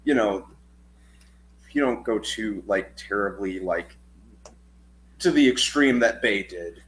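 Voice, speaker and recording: A man's voice: lowish voice, animated, slow pace, fairly bright tone, slight background noise, rough recording. A man co-hosting a movie review show, giving earnest opinions with stammering restarts. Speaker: podcast co-host. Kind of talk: casual movie review chat.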